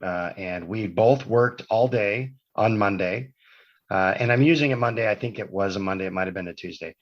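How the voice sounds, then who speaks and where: A man's voice on the low side, moving at a moderate pace, belongs to a podcast guest telling a long personal story. He chats casually, meandering and correcting himself along the way, on dull lo-fi audio.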